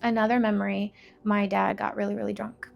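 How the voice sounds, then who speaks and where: Young woman with a gravelly edge. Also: mid-range voice, flat delivery, brisk, soft background music. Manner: candid, emotional storytelling with many fillers. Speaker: faith vlogger. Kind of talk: personal testimony.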